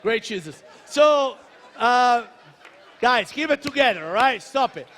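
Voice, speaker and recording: A man in his thirties from Italy with an Italian accent, giving a joking, animated motivational talk to a convention audience. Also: extremely high pitch, slow. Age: 30s. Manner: joking, animated, addresses crowd directly. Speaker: celebrity chef speaker. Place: large convention hall. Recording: reverberant hall.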